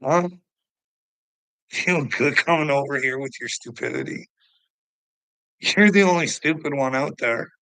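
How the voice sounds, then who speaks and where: A man's voice: mid-range voice, a little slow, long pauses, bright, forceful tone, dry recording, rough recording. A man livestreaming to his chat, ranting in a profane, confrontational, goading way.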